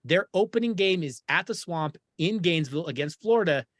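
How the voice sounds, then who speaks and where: A man hosting a sports talk show, talking in an animated, opinionated and jokey way. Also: on the high side, fairly quick, no room sound, clean studio sound. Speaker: podcast host.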